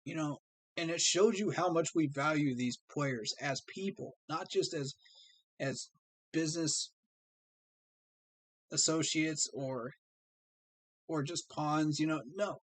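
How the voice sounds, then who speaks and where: A man's voice: a little high, slow pace, long pauses, no room sound. A man, hosting a fan livestream and speaking to his viewers in an earnest, heartfelt way. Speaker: fan streamer host. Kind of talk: livestream talk to fans.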